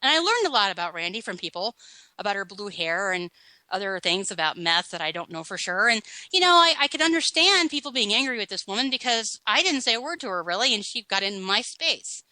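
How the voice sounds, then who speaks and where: Sarcastic woman, bright and crisp. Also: medium pitch, sing-song, fairly quick, dry recording, rough recording. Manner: sarcastic, mocking. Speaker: podcast host. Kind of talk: opinionated countdown commentary.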